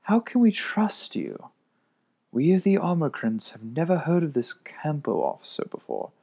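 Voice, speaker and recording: A man voicing a guarded young fraternity leader who speaks slowly and through his teeth in a storybook reading. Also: on the high side, big pitch swings, gravelly, warm tone, slightly rough, voice pushed up, heavily acted. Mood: suspicious.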